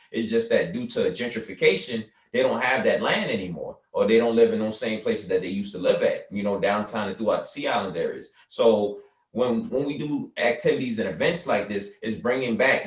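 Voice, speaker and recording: A man from the South Carolina Lowcountry, a guest in an interview, explaining his work earnestly and often saying "you know". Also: roomy sound, distant mic. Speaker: guest, artist and cultural foundation founder. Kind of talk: conversational interview.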